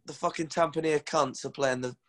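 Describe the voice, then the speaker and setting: A man's voice: fairly high pitch, fairly even intonation, brisk, a bit bright. A man co-hosting a sports podcast, talking bluntly and earnestly. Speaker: podcast co-host. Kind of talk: casual sports podcast chat.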